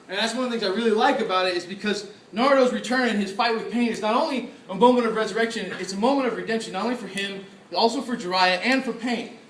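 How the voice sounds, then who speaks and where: Excitable man lecturing in an echoey hall. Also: high voice, a little hiss or hum. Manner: excitable, laughs often, acts out reactions. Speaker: convention panel speaker. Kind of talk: lively convention lecture. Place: convention panel room. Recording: echoey room, from far off.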